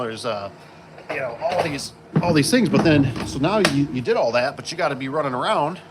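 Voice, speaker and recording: A man's voice: mid-range voice, a bit bright. Rambling working man, noisy job site. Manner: rambling, storytelling with lots of fillers. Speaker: garage door installer. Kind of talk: casual work vlog chat. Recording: work-site background noise with vehicles.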